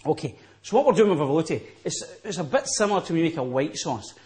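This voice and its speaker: A man's voice: on the high side, big pitch swings, fast talker, darkish tone. A man working as a chef, patiently explaining a recipe step by step in a studio kitchen. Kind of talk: cooking demonstration.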